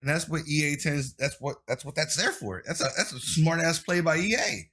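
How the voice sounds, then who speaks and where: A man hosting a podcast in casual chat, animated and swearing freely as he talks. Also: fairly high pitch, fairly quick. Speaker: podcast host.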